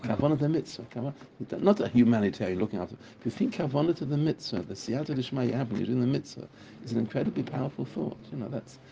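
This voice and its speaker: A man's voice: mid-range voice, expressive, fast, gravelly, hardly any pauses, warm tone, slight background noise. A man teaching a Torah class in a casual, enthusiastic way, repeating phrases for emphasis. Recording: muffled recording with a crowd audible.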